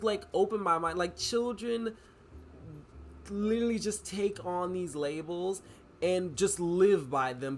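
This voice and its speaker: Young male vlogger, casual, rambling, filler-heavy; slightly high pitch. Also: slight background noise. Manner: rambling, many "like" fillers and restarts. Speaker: vlogger and writer. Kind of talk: casual vlog chat.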